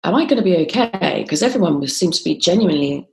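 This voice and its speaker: A woman's voice: on the low side, animated, fast talker, gravelly, a little mellow. A woman telling a personal story in an interview, with frequent ums and restarts. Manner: frequent ums and restarts, quoting others as she tells it. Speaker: guest.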